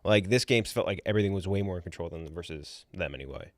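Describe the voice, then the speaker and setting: A man's voice: deep voice, quick pace, no room sound, studio quality. A man co-hosting a sports betting show, teasing his partner and rambling about games. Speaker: co-host. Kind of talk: casual sports chat.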